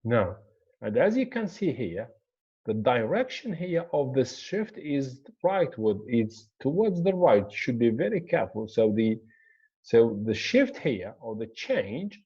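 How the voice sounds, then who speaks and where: Male pronunciation teacher, lively pitch, dark husky tone, dull lo-fi sound. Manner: slow, repetitive explaining, pointing at the board. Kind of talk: classroom lecture.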